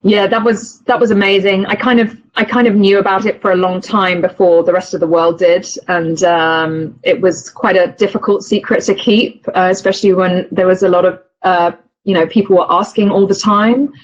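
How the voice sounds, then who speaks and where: Woman, actress guest; emotional, gushing delivery with restarts, medium pitch, muffled lo-fi recording. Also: steady tone, normal speed. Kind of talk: casual interview chat.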